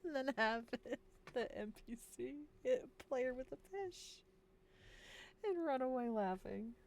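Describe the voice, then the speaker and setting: Slow, giggly, tired woman streamer. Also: high-pitched, lively intonation, vocal fry, mellow, slight background noise. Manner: giggly, chatty, talks to her pets. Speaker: streamer running a worldbuilding session. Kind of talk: casual stream chat.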